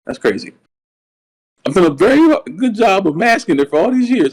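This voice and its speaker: Excitable man with a slight lisp. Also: high-pitched, moderate pace, slightly rough, poor audio. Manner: excitable, rambling, repeats words when worked up. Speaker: podcast co-host. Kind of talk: casual wrestling chat.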